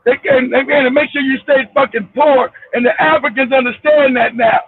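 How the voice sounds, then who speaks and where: A man hosting a casual livestream from his car, ranting loudly and profanely, laughing and shouting as he tells a story. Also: extremely high pitch, steady tone, moderate pace, husky, dry recording. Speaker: show host. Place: car, driving. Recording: tinny phone line with faint hiss.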